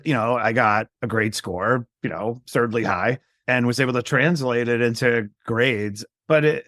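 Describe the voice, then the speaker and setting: Gravelly-voiced storytelling man. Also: mid-range voice, dry recording, studio quality. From New York, USA. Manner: animated, acts out quoted voices. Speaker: guest. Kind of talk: storytelling interview.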